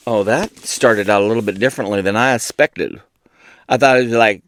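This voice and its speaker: This book video host talks a little fast in a fairly low, fairly bright voice. It's loose, rambling chat where he keeps joking about himself.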